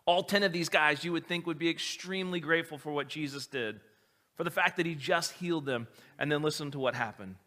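High, bright-voiced preaching man. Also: fairly quick. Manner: animated, conversational preaching. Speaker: pastor. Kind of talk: sermon.

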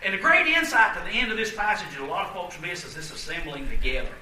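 A bright, sharp-toned man preaches with folksy emphasis, voice swooping up high and down low. He is picked up from some distance off the mic, in an echoey church sanctuary. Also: lively intonation, quick pace, slight background noise. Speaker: pastor. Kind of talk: sermon.

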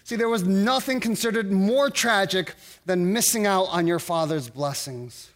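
A man preaching a sermon in a high, light voice. He speaks earnestly and haltingly, and often stops to restart his sentences. He sounds middle-aged. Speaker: pastor.

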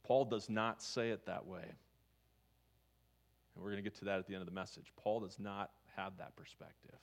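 A man's voice: fairly low pitch, steady tone, moderate pace, creaky. A man preaching a sermon as pastor, talking conversationally and asking his listeners questions. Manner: conversational, asks the congregation questions.

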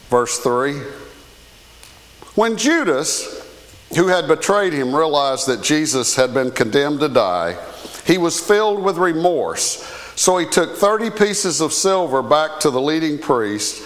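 A man with a Southern US accent preaching a sermon as pastor, folksy and animated with touches of humor. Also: mid-range voice, in a large hall.

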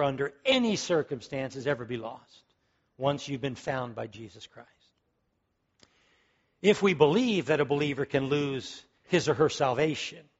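A man's voice: a little high, highs cut off. A man preaching a sermon, emphatic and fervent, repeating key words as he builds to strong peaks. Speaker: pastor.

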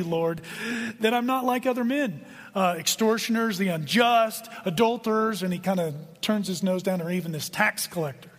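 A man with a high voice preaching a sermon. He talks earnestly, going quiet and then building to emphasis. The sound carries a long reverb from the hall. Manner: earnest preaching, swings between hushed and emphatic. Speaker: pastor.

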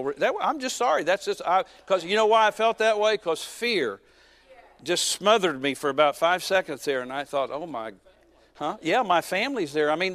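Storytelling preacher, fairly high voice. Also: male voice. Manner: storytelling with sudden shifts between loud and soft, joking asides. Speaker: pastor. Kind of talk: sermon with a personal story.

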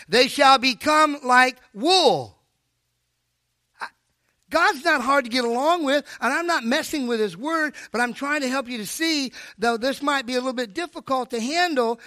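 An older man preaching a sermon at a live church service, animated and preachy, with joking asides. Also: very high voice, no room sound, clean studio sound. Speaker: pastor.

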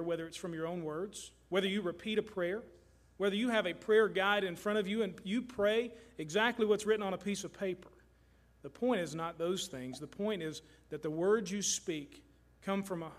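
A middle-aged man from Kentucky preaching a sermon as pastor, earnest and emphatic, often repeating his phrases for weight. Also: sits high. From Kentucky, USA.

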